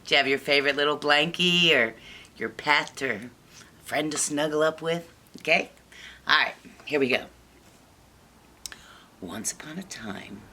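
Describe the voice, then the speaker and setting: A woman hosting children's storytime, telling a bedtime story in an animated way and often slipping into whispers. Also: low-pitched, a little hiss or hum.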